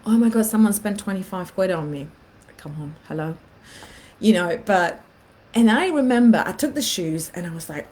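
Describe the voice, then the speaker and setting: A woman's voice: mid-range voice, expressive, moderate pace, a little mellow. A woman in her thirties telling a personal story in a casual vlog, animatedly acting out her own thoughts. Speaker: vlogger.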